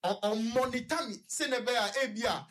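A man with a Ghanaian accent talks as a guest in a radio studio. His voice is husky and breathy. He tells his own story haltingly, stopping and restarting often and hunting for words. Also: very high-pitched, a bit bright. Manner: halting, rambling, many fillers and restarts. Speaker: guest recounting his experience. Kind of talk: personal story on a radio talk show, code-switching.

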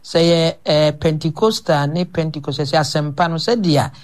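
A man with a Ghanaian accent preaching a radio sermon, slow and emphatic, answered by call and response. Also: a little high.

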